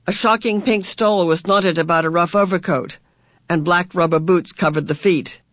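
A man reading a storybook aloud in a measured, even way. His voice is notably high for a man, recorded close and dry with no room sound. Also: no room sound. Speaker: audiobook reader. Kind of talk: scripted narration.

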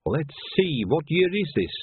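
A man's voice: fairly high pitch, very animated, slight background noise, pitched above the performer's own voice. A man reading a story aloud, voicing an eager, shifty male street pie seller with a wheedling sales patter. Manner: fast wheedling sales patter, flustered stammering. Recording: dry, phone-like narrow sound.

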